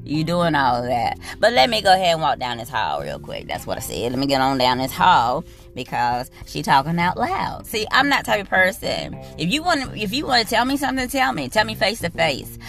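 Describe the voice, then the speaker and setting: A woman's voice: on the low side, very animated, a little fast, gravelly, fairly bright tone, soft background music. A woman nurse telling a work story as a blunt, profane and exasperated rant.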